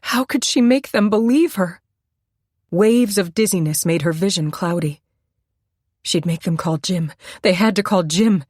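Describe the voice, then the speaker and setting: A woman narrating a suspense novel in a measured, steady storytelling voice on a close microphone. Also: fairly low pitch, dry recording. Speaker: audiobook narrator. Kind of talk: scripted narration.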